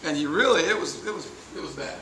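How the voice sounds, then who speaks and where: A male firefighter teaches a classroom, chatty and anecdotal, checking in with the class. His voice is bright and a touch high. It is captured from across an echoey room, with faint noise under it. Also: lively intonation, quick pace, distant mic. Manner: casual, chatty, tells anecdotes, asks the class questions. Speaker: firefighter instructor. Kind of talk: classroom training lecture. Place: training classroom.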